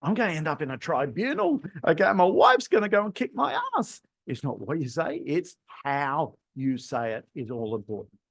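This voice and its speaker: A male podcast host talks through sales tips on his own. His emphatic delivery swoops widely in pitch. His voice sits a little on the high side. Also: normal speed, creaky, hardly any pauses. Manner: animated, emphatic, plays with tone. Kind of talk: solo podcast talk.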